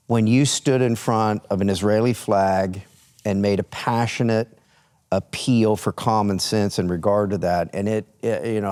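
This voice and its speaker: Male host, lowish voice, chatty storyteller with stumbles and restarts. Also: a little mellow. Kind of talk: casual studio talk show.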